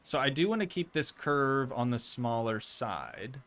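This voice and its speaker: A man's voice: medium pitch, lively intonation, measured pace, fairly bright tone, slight background noise. A man streaming a park-building game, chatting casually and playfully with his viewers in rambling asides. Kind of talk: casual game livestream chat. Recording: faint music in background.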